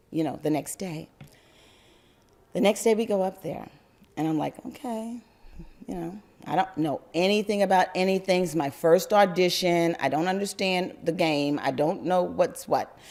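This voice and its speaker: An older woman from New York tells a personal story to an audience in an animated way, often breaking into laughter. Her voice sits slightly on the low side.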